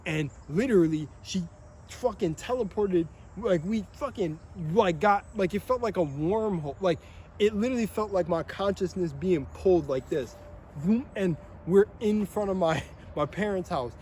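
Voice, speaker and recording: A young man rambling in a monologue, excitable and swearing often, laughing between phrases. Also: sits high, moderate pace, slight background noise. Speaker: vlogger.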